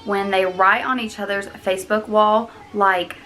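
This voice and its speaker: Young female vlogger, lively quote-acting, mid-range voice. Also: medium pitch, a little slow, a little hiss or hum. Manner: animated, mimics people in quotes. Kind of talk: casual chat.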